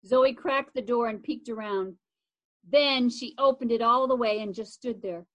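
High-voiced woman reading a storybook. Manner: unhurried, expressive storytelling. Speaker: reader. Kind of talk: reading a children's chapter book aloud.

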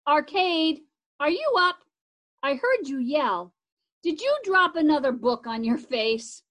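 High-voiced woman reading a storybook. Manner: unhurried, expressive storytelling. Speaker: reader. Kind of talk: reading a children's chapter book aloud.

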